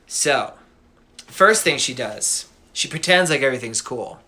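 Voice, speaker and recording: A man casually retelling a myth as a podcast host, animated and slangy with laughing asides. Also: mid-range voice, measured pace.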